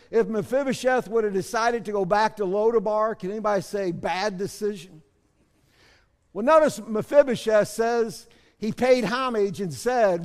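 A man pastor preaching a sermon, moving between soft asides and loud shouted bursts. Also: sits high, long reverb tail.

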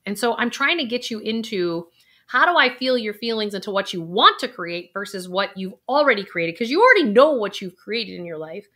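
A woman with a bright, forceful voice, pitched a little high, guiding listeners step by step through an exercise. She talks in an earnest, direct coaching manner. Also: animated, brisk. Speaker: financial coach. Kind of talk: coaching talk.

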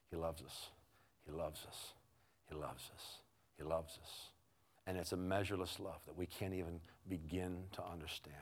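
Male preacher, middle-aged, low voice, chatty sermon with many restarts, from hushed to loud. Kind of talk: storytelling sermon.

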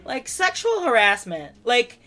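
A woman's voice: fairly high pitch, a little slow, faint music behind. Sarcastic young woman podcast co-host. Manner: animated, sarcastic, laughing. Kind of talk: casual chat.

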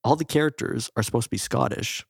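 A man's voice: mid-range voice, quick pace, gravelly, husky, no room sound, clean studio sound. Young man rambling about movies. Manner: rambling, filler-heavy explaining. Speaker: podcast co-host. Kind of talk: casual chat.

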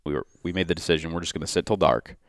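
A man hosting a hunting podcast, excitedly narrating a hunt in casual chat with quoted dialogue. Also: deep voice, rapid-fire, dry recording, studio quality. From Michigan.

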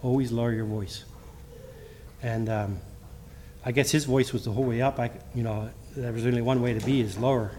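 A middle-aged man preaches a church sermon and mixes in personal testimony. His pitch is ordinary for a man and his delivery halts and restarts often. A faint noise sits behind him. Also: steady tone, darkish tone. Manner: halting, with frequent restarts; reads scripture in King James wording. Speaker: lay preacher.

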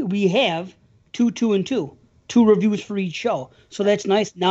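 A man's voice: sits high, a little mellow. A man co-hosting a podcast in casual chat, rambling loosely and laughing often. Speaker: podcast co-host. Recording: slightly dull lo-fi audio.

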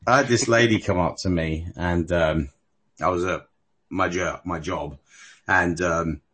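A man's voice: sits low, measured pace, fairly bright tone, slightly rough. A man from London with a London English accent, chatting as a podcast guest and laughing easily while he tells stories. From England. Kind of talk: casual podcast chat.

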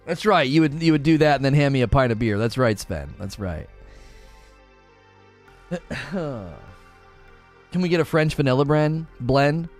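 A man's voice: medium pitch, lively intonation, measured pace, long pauses, faint music behind. A young adult man chatting casually on a live stream, talking with animation and laughing often.

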